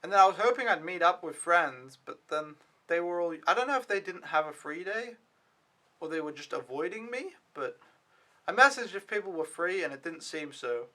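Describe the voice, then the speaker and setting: A young man talks through his week in a loose, rambling vlog style and swears now and then. His voice sits a little high and sounds bright. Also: expressive, normal speed. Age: young adult. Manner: rambling, casual, swears when annoyed. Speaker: au pair vlogger. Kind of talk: casual vlog recap.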